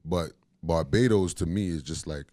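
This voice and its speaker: Animated Caribbean man, dry sound. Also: low-pitched, no room sound. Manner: animated, jumps into quick voice imitations, repeats "you know what I'm saying". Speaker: comedian interviewed about his characters. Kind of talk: casual interview chat.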